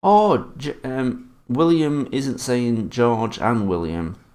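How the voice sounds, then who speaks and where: A man's voice: mid-range voice, slow pace, darkish tone. A man hosting a live-stream quiz, reading out viewers' guesses and swearing casually while teasing his chat. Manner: swears often and teases the chat.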